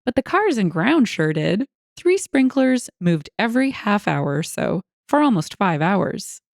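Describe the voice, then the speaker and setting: A woman reading online stories aloud as scripted narration, expressive and wry, with lively asides. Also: medium pitch, unhurried, no echo, clean studio sound.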